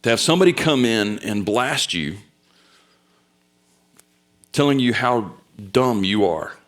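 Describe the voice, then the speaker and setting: A young man preaching a sermon, telling stories with loud bursts and quiet asides. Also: mid-range voice, animated, slow pace. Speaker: pastor.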